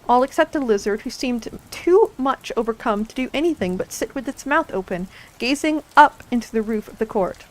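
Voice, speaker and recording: A woman streamer narrating a storybook in a soft, unhurried ASMR reading voice. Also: on the high side, rough recording.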